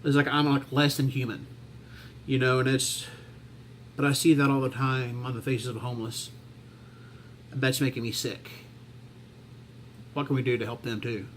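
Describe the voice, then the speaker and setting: Halting, heartfelt man talking to camera. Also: mid-range voice, little pitch movement, a little hiss or hum. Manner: halting and heartfelt, many restarts and fillers. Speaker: vlogger. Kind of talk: reflective personal talk to camera.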